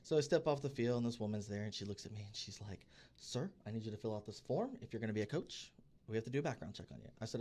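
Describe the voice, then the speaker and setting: A man co-hosting a podcast, telling stories in a casual, animated way and acting out the people he quotes. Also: lowish voice, rapid-fire. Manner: animated storyteller who acts out quoted people. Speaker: podcast co-host. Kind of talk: casual chat, storytelling. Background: podcast studio.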